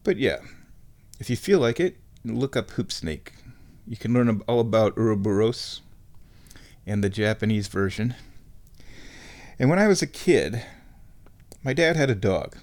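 A man's voice: on the low side, animated, measured pace, long pauses, darkish tone. A man rambling to the camera at home, wry and digressive, with frequent chuckles. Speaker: vlogger. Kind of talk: casual rambling monologue.

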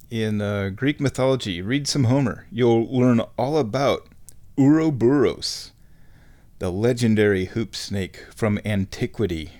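A man's voice: mid-range voice, darkish tone. Guy rambling on at home, wry little asides, laughs a lot, ordinary mid voice. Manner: digressive, wry, chuckling often. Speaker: vlogger. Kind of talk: casual rambling monologue.

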